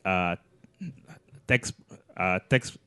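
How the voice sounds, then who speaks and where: A man with an Egyptian accent speaks slowly and haltingly on a studio talk show, often restarting while he searches for words. His voice is fairly low, smooth and resonant, and it is recorded dry and close. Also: pushed and bright, dry recording. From southern Egypt. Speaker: studio guest. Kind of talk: casual chat. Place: live studio in front of an audience.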